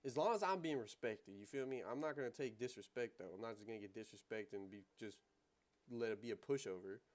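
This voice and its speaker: A man's voice: mid-range voice, fast talker, darkish tone. A young American man hosting a casual livestream, talking in loose slang, rambling through asides and laughing easily. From United States. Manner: slangy and loose, peppered with "bro" and "you know what I'm saying". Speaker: livestream host.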